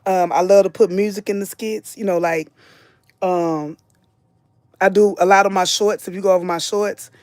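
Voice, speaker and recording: A woman's voice: mid-range voice, steady tone, moderate pace, a little mellow, no room sound, studio quality. Chatty woman hosting a live stream. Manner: chatty, reads viewer names aloud, drawls and repeats phrases. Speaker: host of a live commentary stream. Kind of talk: casual live-stream chat reading comments.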